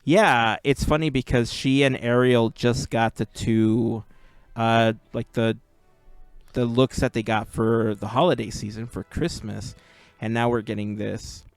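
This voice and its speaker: Chatty and quick to laugh, this man hosts a podcast and spins drawn-out stories in a casual conversation. His voice is medium in pitch with fairly even intonation, and there's no echo.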